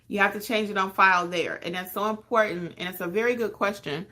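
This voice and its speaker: A woman hosting a live stream, reading out viewer comments and answering them in a warm, chatty, emotional way with sudden excited jumps in pitch. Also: quick pace. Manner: calls listeners honey and hon. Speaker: podcast host.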